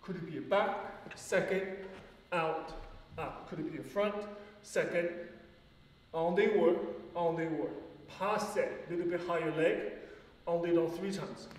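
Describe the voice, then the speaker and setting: A man's voice: on the high side, a little slow, slight background noise. A man teaching a ballet class, calling out steps and counts, chatty and encouraging, with short laughs between counts. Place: large ballet studio. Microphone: distant room mic. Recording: echoey studio from far off.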